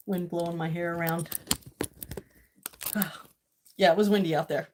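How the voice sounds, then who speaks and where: A woman speaks slowly and pauses often in a medium-pitched voice, vlogging casually from her home kitchen and yard against background noise. She chats to viewers and talks to herself while cooking.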